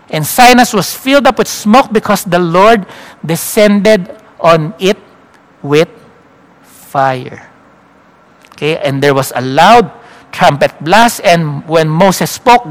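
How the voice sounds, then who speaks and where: Preacher man teaching scripture. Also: high-pitched. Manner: checks in with listeners by asking "no?" and "okay?"; storytelling, slows down for emphasis. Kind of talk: Bible teaching sermon.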